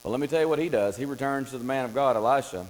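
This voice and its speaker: A man preaching a Bible study in a church, telling the story with lively acted-out voices. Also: medium pitch, rapid-fire. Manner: animated storytelling, acts out voices of Bible figures. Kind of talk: Bible class teaching. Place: church classroom. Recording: long hall reverb with faint mains hum.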